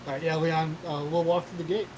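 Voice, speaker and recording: A man's voice: fairly high pitch, level tone, a little fast, darkish tone, slight background noise, rough recording. A man playing a tabletop game, playfully describing what his character does. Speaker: player.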